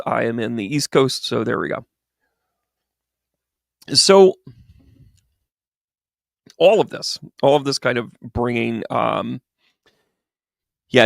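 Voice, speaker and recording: Male stream co-host, casual rambling commentary, sarcastic and digressive, gravelly voice. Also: medium pitch, fairly bright tone, no room sound, clean studio sound. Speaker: livestream co-host.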